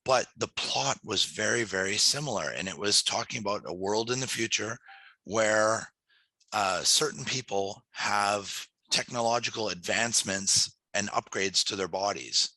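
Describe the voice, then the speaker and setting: Bright, dry-sounding low male voice. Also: measured pace, no room sound, poor audio. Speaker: podcast co-host. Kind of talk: casual chat.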